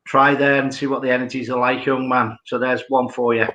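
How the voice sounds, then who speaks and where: A man's voice: medium pitch, little pitch movement, brisk, pushed and bright. A man in casual chat about paranormal sites, rambling and adding detail after detail. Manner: rambling, piles on "as well". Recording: echoey room sound.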